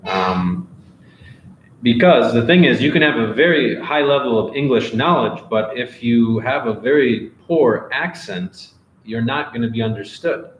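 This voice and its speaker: A man answering viewer questions in a live online English class, in a relaxed and encouraging teacher's manner. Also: mid-range voice, measured pace, reverberant, slight background noise, rough recording. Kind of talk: live Q&A office hours.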